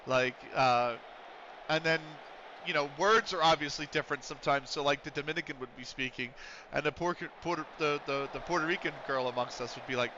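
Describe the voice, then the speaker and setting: Rambling, bright-voiced man streaming. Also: on the high side, brisk, highs cut off, a little hiss or hum. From United States. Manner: rambling and chatty, casually swearing. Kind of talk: casual chat while streaming a game.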